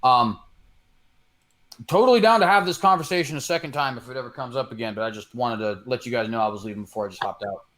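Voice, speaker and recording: A man with a mid-pitched voice cuts in quickly and politely. He apologizes before leaving the online chat, speaking at a brisk pace. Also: fairly bright tone. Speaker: moderator leaving the call. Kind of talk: casual chat.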